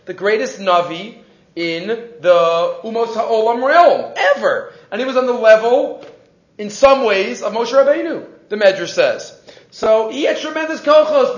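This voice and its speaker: Animated high-voiced man teaching Torah. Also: roomy sound, highs cut off. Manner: animated storytelling, mixing Hebrew and English, frequent restarts. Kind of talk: weekly Torah class.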